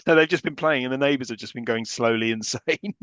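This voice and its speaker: A man co-hosts a casual podcast about a film, dropping dry, wry remarks. His voice sits at a mid pitch. The recording is dry and close. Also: fast talker, a bit bright, no room sound. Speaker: podcast co-host.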